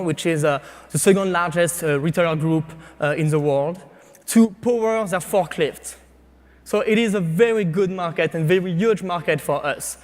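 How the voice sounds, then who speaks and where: A man with a French accent giving a startup pitch to an audience, speaking haltingly with frequent fillers and restarts. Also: long reverb tail. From France. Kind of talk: competition pitch presentation.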